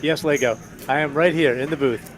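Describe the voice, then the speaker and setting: A man's voice: fairly high pitch, a little fast. A man with a Massachusetts accent joining as guest commentator on a poker stream, friendly and bantering.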